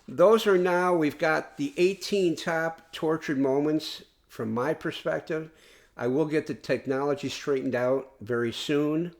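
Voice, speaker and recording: A man's voice: mid-range voice, a little mellow. Rambling man hosting a fan podcast. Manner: rambling, earnest fan talk with frequent restarts. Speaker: podcast host. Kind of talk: casual solo podcast monologue.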